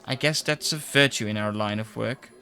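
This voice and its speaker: A man's voice: fairly low pitch, moderate pace, vocal fry, pushed and bright. A man playing an eager young reporter. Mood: earnest.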